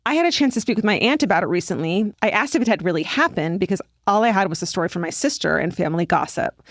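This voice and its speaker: Woman, podcast co-host, casual chat, mid pitch, animated storytelling, dry studio sound. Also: no room sound. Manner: animated storyteller, swears freely. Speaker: podcast co-host reading listener letters. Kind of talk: casual chat and reading listener stories aloud.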